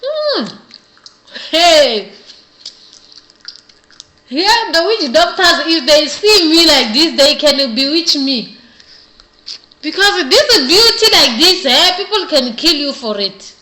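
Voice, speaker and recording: Bright, high-voiced woman in an echoey room. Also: animated, measured pace. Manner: playful mock-serious, keeps asking "you understand?". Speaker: beauty vlogger. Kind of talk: comedic tutorial.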